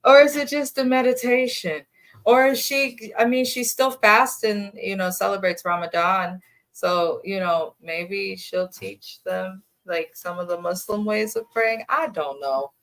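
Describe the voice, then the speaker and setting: A woman's voice: mid-range voice, unhurried, a bit bright. A woman co-hosting a casual reality TV recap, giving her opinions bluntly.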